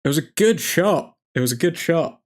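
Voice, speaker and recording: A man hosting a live football watchalong, reacting to each chance with loud excitement and grumbling at the referee. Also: on the high side, normal speed. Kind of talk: live match commentary.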